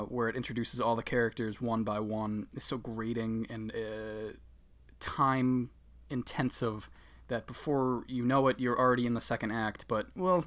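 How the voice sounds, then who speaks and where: Brief: sarcastic male podcast co-host, bright tense voice, animated casual movie talk. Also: medium pitch. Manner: sarcastic, animated, swears freely. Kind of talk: casual movie-review chat.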